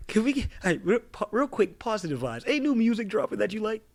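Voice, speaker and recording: An animated young man from tells stories on a casual podcast. His voice sits a bit high and swings widely in pitch as he acts out other people's voices. He swears freely and laughs often. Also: quick pace. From Boston. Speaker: podcast co-host. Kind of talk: casual storytelling chat.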